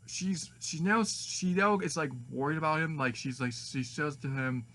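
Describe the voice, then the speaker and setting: A man's voice: fairly high pitch, normal speed, pushed and bright. A man rambling through a fan story idea with many restarts and fillers. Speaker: fan video maker.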